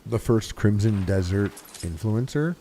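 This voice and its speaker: A man's voice: fairly low pitch, animated, a little slow, mellow, slight background noise. A man chatting casually over a video game stream. He swears freely, cracks jokes and keeps mimicking the characters he meets. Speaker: livestreamer. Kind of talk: casual gameplay commentary.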